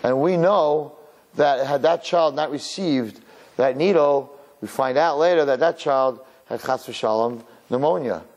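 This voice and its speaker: A man preaching a sermon as a rabbi, telling stories in an animated way. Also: mid-range voice, measured pace. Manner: animated storyteller who acts out his characters.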